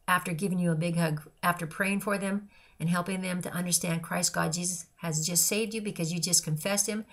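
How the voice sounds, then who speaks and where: An older woman, a grandmother, giving an earnest personal devotional talk in a repetitive, list-like way of speaking. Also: on the low side. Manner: earnest and repetitive, listing phrases. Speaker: christian speaker.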